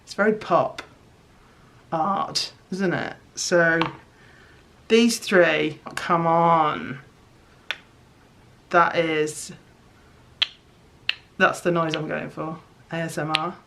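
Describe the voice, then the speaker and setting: A woman chatting casually as she shows her homemade crafts, excitable and self-mocking. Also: deep voice, very slow, gravelly, long pauses, a little hiss or hum. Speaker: crafting vlogger. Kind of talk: casual craft chat to camera.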